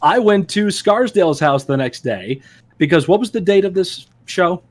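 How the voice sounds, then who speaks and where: A man's voice: high voice, normal speed. A man co-hosting a wrestling podcast, telling stories in a casual chat, laughing often and acting out quotes. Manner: animated storyteller, laughs often, acts out quotes. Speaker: podcast co-host.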